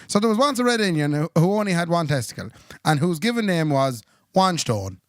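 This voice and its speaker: A man's voice: fairly high pitch, big pitch swings, brisk, no room sound, studio quality. A man co-hosting a podcast, telling a joke in a wry, teasing manner. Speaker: podcast co-host.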